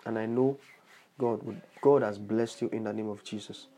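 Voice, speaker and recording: A man's voice: on the low side, steady tone, moderate pace, warm tone, a little hiss or hum. A man preaching on his podcast as a bishop, leading a prayer with earnest repetition and cries of praise. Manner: earnest, repeats phrases, exclaims praise. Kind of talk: podcast sermon with altar call.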